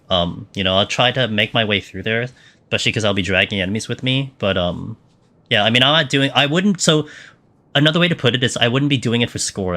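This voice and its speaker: A man's voice: on the low side, bright, forceful tone. A young man streaming a game live, chatting casually and answering viewer questions with lots of fillers. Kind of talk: live gameplay commentary.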